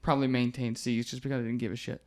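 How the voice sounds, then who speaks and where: A man's voice: mid-range voice, racing. Laughing young man telling a story. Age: 20s. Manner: animated storyteller, laughs often, swears casually. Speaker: MMA fighter guest. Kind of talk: casual podcast storytelling.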